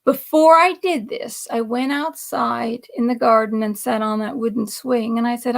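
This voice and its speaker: A woman on a video call telling a long family story in a chatty, animated way, laughing at her own jokes. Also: fairly high pitch, moderate pace, gravelly, hardly any pauses. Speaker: livestream guest. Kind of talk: casual storytelling.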